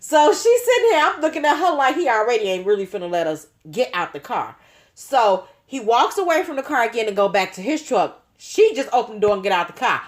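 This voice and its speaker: Animated, slangy woman spinning a story. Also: a little high, brisk. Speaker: nail artist, channel host. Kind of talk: casual storytelling.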